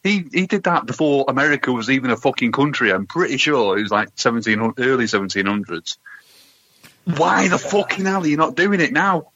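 A man co-hosting a podcast, ranting loudly and swearing hard. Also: medium pitch, lively intonation, fairly quick. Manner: loud, ranting, heavy swearing. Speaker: podcast co-host. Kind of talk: casual sweary chat. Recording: dull lo-fi with faint hiss.

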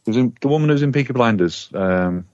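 A man's voice: mid-range voice, lively intonation, fairly quick, a little mellow, no room sound, highs cut off. A man chatting casually on a podcast, laid-back and dry, sometimes swearing. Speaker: podcast co-host. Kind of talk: casual chat.

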